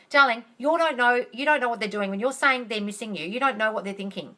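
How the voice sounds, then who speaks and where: This manifesting coach's voice is on the high side, pushed and bright, and she speaks fast with few pauses. Hosting a casual live-stream Q&A on her phone, she rants in a heated, emphatic, blunt way, swearing freely and calling viewers darling.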